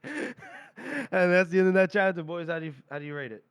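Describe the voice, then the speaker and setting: A man's voice: high-pitched, brisk, smooth, no echo, studio quality. A man co-hosting a book podcast, retelling chapters animatedly in casual chat. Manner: animated retelling with acted-out quotes and laughter. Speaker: podcast co-host.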